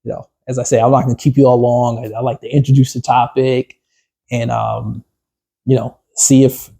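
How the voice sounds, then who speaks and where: A business coach guides a small workshop group at a moderate pace, his husky, dark voice staying mid-pitch with little movement. The talk is loose, peppered with fillers and restarts, and he repeatedly hands questions back to the room.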